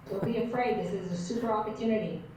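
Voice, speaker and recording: A woman's voice: mid-range voice, fast, dark tone. A woman moderating a live session, reading out audience questions and encouraging people to ask theirs. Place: lecture room. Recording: echoey room, faint noise, from a distance.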